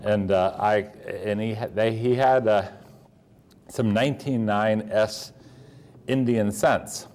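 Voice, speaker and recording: A man's voice: lowish voice, steady tone, slow, a little mellow. An older man from Pennsylvania, a coin dealer telling rambling stories with many fillers and restarts. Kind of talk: storytelling talk.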